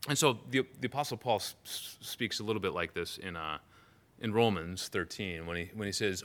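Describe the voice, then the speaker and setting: A man's voice: sits low, brisk, fairly bright tone. A man preaching a conversational sermon, reading scripture aloud and explaining it with frequent restarts. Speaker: pastor.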